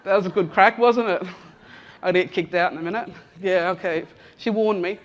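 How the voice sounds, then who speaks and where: A woman's voice: on the low side, normal speed. A woman in her fifties with an Australian accent, from Western Australia, speaking casually and jokily to a conference audience as she walks among them, teasing people and addressing them by name. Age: 50s. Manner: chatty and teasing, addresses people in the room directly, many "um"s. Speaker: conference speaker giving an Acknowledgement of Country. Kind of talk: casual, joking talk to a live audience. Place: large conference room, walking among the audience.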